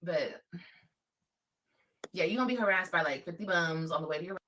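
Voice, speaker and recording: A woman's voice: lowish voice, a little fast, pushed and bright, recorded from a distance, rough recording. A woman from Los Angeles chatting casually on a livestream, emphatic and repeating her points. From Los Angeles, California.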